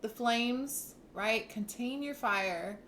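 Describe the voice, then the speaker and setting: A woman's voice: on the high side, takes it slowly, a bit bright, slight background noise. A woman giving a casual tarot reading to camera. She talks with emphasis, repeats words, swears casually and breaks off with laughs and sighs. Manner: laughs and sighs between thoughts. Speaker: tarot reader.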